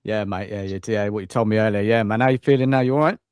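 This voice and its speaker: A man's voice: on the low side, fast, darkish tone, clean tone, no room sound, clean studio sound. A man hosting a live stream, laid-back and friendly. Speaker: host.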